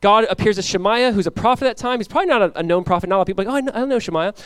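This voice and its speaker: Pastor guy preaching, bit high voice, dry close sound, acts out the characters. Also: clear, resonant tone, no room sound. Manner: animated, acts out biblical characters in quick voices. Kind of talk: expository sermon.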